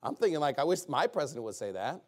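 A man's voice: a little high, very animated, fast. A man preaching an informal sermon in a sarcastic, rambling way with joking asides.

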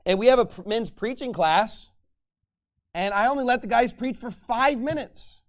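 A man pastor preaching a sermon, swinging between loud emphatic exhortation and low, quiet passages. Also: normal speed.

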